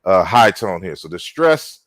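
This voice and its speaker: Slow, unhurried male lecturer. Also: deep voice, very animated, a bit bright, no echo. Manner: unhurried, frequent "you know" fillers and restarts. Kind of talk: online lecture walking through slides.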